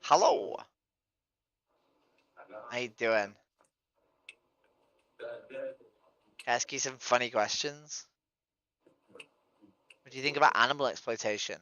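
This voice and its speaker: A woman's voice: very deep voice, slow pace, long pauses, a bit bright, highs cut off. A woman streaming from home in casual live-stream chat, talking to herself between strangers and swearing freely. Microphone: desk microphone.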